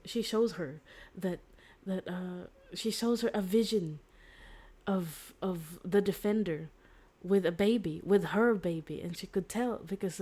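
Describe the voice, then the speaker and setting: A woman's voice: on the low side, mellow. A woman streamer casually retelling a story, rambling with fillers and restarts and acting out the quoted lines.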